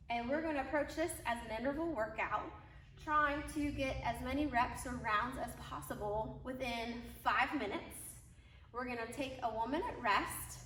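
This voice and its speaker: A woman's voice: a little high, a bit bright, a little hiss or hum. A woman fitness trainer explaining a kettlebell workout step by step while demonstrating the moves. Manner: clear step-by-step coaching, demonstrating while talking. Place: gym. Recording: echoey gym, mic at a distance.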